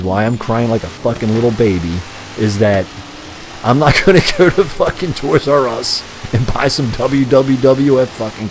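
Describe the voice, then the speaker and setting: A man's voice: medium pitch, a little mellow, a little hiss or hum, poor audio. Profane ranting male game streamer. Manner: profane, ranting, chuckling often. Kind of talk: crude rambling live-stream chat.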